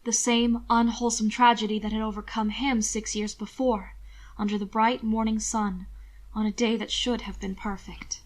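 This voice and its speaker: A woman narrating a novel in a soft, even storytelling voice. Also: on the high side, normal speed. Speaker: audiobook narrator.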